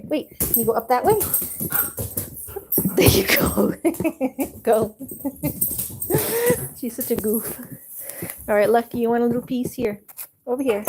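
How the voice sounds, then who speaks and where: Chatty young woman with noisy stream audio. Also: a little high. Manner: chatty, coos to her pets. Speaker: livestreamer. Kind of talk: casual live stream chat.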